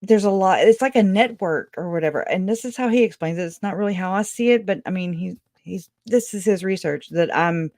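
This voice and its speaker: A woman's voice: mid-range voice, fairly quick, few pauses, darkish tone, no echo, clean studio sound. A woman hosting a call-in show, chatting casually, rambling and laughing often, trailing off mid-thought. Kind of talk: casual chat. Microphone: video call.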